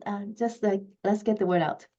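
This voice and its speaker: Halting woman radio host, muffled sound. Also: mid-range voice, fairly even intonation, dark tone. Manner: halting, many fillers and restarts. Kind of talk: radio interview. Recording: muffled lo-fi line.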